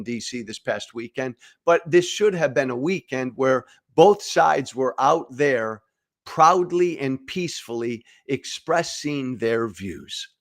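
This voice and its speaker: A middle-aged man hosting a political commentary show, speaking emphatically, with repeated phrases and stammered restarts. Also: mid-range voice. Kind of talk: direct-to-camera political commentary.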